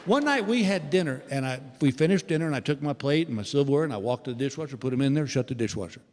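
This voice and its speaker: A fast-talking man in his sixties with a mid-range voice does stand-up on a theater stage, animatedly telling stories and addressing the crowd. The recording has a long theater reverb and faint noise.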